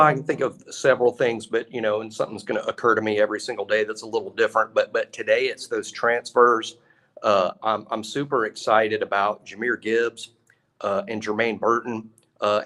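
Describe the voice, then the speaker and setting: A man co-hosting a sports talk show, talking in an animated, emphatic way with a lot of repetition. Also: fairly low pitch. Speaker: co-host.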